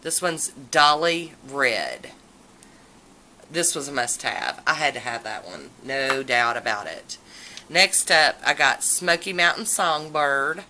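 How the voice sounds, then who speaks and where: A woman chatting casually and enthusiastically in a haul video, with drawn-out exclamations. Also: extremely low pitch, big pitch swings, bright, forceful tone, slight background noise, low-quality recording. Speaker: nail polish vlogger.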